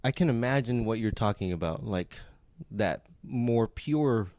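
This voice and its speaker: A man's voice: on the low side, lively intonation, unhurried, a little mellow, no echo. A young man chats casually as a podcast co-host. He is laid-back and laughs often. The sound is dry and close.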